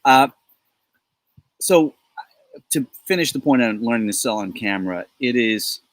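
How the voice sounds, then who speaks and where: Relaxed man chatting on a home deck. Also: mid-range voice, measured pace, no room sound, rough recording. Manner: rambling, loose, joking asides. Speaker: co-host. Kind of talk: casual business chat.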